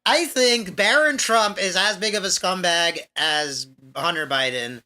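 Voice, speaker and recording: Podcast co-host, male: bright, mid pitch, giggly, the voice of reason against his partner. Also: measured pace. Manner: laughs often, pushes back in a reasoning tone. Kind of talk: casual podcast banter.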